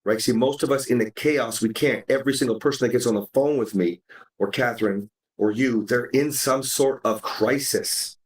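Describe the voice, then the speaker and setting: A podcast host chatting casually and animatedly, swearing now and then. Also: male voice, mid-range voice, moderate pace. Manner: animated, acts out quoted dialogue, swears casually. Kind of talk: casual chat. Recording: roomy sound from a distance.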